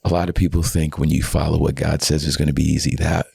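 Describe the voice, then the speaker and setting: A man's voice: very deep voice, flat delivery, fast talker, gravelly, warm tone, slightly rough, dry recording, clean studio sound. A man in his thirties, a pastor and podcast guest, telling a personal story in an earnest, heartfelt way. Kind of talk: candid personal testimony.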